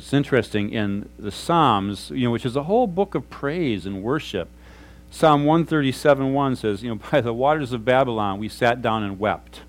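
A middle-aged male pastor delivers a sermon in an earnest, conversational way, at a middle pitch. He often drops his voice to a soft hush when he speaks prayers aloud. A faint hum sits behind his voice. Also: low-quality recording.

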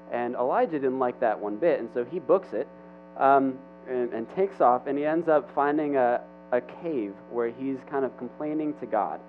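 A young man giving a casual, chatty sermon to a room, talking in halting bursts with restarts and asides. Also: mid-range voice, soft background music. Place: church hall with an audience. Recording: tinny phone-like recording with hum.

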